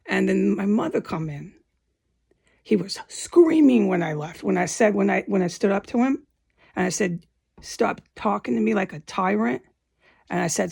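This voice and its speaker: Woman, gravelly fry in her voice, husky, agitated personal testimony, swearing. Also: on the low side, darkish tone. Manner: emotional, repetitive, swears, acts out quotes. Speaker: vlogger giving personal testimony. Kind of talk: agitated first-person account.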